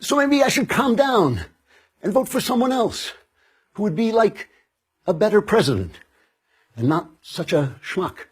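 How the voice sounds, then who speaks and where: A man's voice: high-pitched, very animated, measured pace, pauses often, breathy edge. A man delivering a sarcastic satirical commentary monologue in a mock-earnest, ranting manner. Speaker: political commentator.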